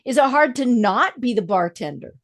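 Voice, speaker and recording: A woman hosting a casual interview, her voice a little high and lively in its rise and fall. She keeps the guest going with steady, encouraging backchannels. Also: normal speed. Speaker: podcast host.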